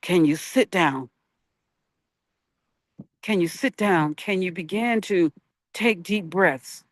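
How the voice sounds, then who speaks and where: A broadcast host giving an unscripted spiritual talk on peacemaking, halting and searching for words, asking the listener questions. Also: mid-range voice, no room sound.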